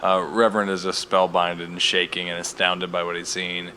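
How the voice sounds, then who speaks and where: A man's voice: low voice, completely flat delivery, normal speed, bright, forceful tone, slight background noise. A man co-hosting a podcast, recapping a TV episode in casual chat with wry, joking asides. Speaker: podcast co-host.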